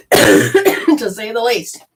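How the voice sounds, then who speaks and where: A woman telling a personal story in a casual, animated way, swearing freely and acting out her own panic. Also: a little high, breathy edge.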